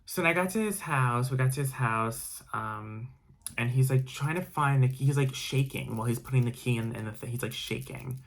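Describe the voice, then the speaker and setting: A man's voice: mid-range voice, brisk, creaky. A man telling a personal story in a casual vlog, rambling with frequent restarts and fillers. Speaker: vlogger.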